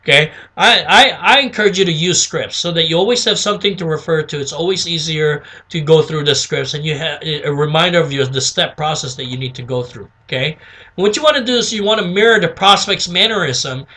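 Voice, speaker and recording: Bright, high-voiced man coaching. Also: fairly quick. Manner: chatty, repeats "okay?", acts out sample phone calls. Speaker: sales trainer. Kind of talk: casual instructional talk.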